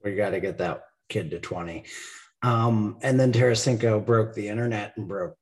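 A man with a somewhat low voice co-hosts a relaxed sports podcast. He walks through the night's plays one by one and breaks into laughter often. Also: normal speed. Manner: play-by-play recap, laughs often. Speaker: podcast co-host. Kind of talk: casual sports chat.

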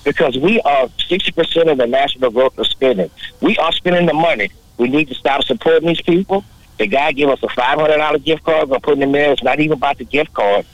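A man's voice: on the high side, fast, highs cut off. A man, talking in an impassioned, preachy way in a casual chat.

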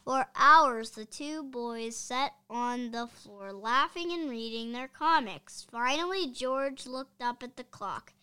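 Woman reading a kids' book aloud, expressive, slightly high voice, very slow pace. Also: clear, resonant tone. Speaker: reader.

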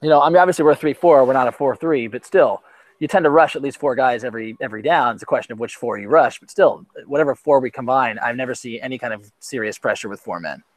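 A man's voice: mid-range voice, fast talker, no echo. Chatty male sports podcast host. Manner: chatty, many restarts, laughs easily. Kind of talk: casual sports chat.

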